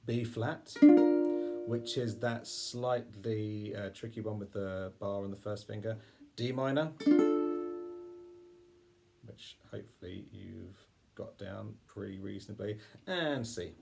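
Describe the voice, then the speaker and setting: A man's voice: on the low side, slow pace, creaky, pauses often, loud music behind the voice. Self-deprecating man teaching ukulele. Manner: self-deprecating, apologetic, chatty. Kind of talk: casual music tutorial. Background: ukulele playing.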